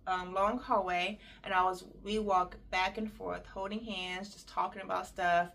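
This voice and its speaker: A young adult woman casually telling a personal story, chatty and animated, acting out what people said. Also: mid-range voice, gravelly. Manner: chatty, animated, acts out quotes. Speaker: storyteller vlogger.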